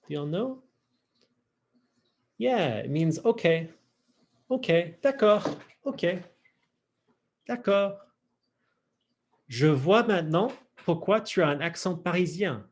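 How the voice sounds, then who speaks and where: A man teaching an online French class, saying y'all and slowly drilling each phrase for his students. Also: fairly high pitch, animated. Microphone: video call.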